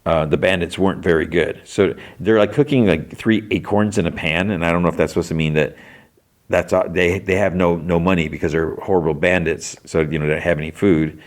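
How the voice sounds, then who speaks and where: A man's voice: low voice, fairly even intonation, a little fast. A man hosting a podcast, casually recapping TV episodes in a rambling way, with many fillers and restarts. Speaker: podcast host.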